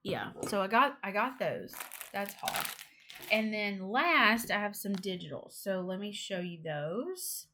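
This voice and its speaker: A young woman casually chatting through a cross-stitch haul, excitable and gushing, with giggles. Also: medium pitch, a little slow, noisy background. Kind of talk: casual show-and-tell haul chat.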